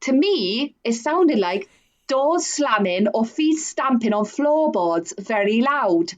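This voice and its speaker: A woman doing an exaggerated Welsh accent as a neighbour recalling loud noises, in a sing-song lilt. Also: on the high side, big pitch swings, slow pace, muffled recording. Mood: hammy mimicry. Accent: Welsh, put on.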